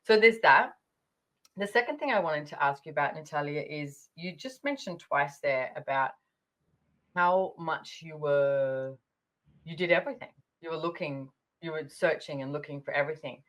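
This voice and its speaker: A woman hosts a relaxed podcast conversation, her voice sitting low. She rambles through stories in a chatty way, full of little fillers and asides. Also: moderate pace. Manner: chatty, storytelling, many fillers. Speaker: podcast host.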